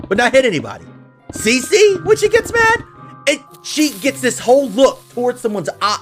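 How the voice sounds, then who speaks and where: During a game stream, a man whose voice sits high and a bit bright talks openly with his viewers about fatherhood. His sincere, casual chat is full of restarts and repetitions.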